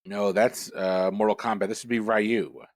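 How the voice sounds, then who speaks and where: A man hosting a pub trivia quiz, reading questions in a brisk, matter-of-fact way and bantering with the players. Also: lowish voice, steady tone.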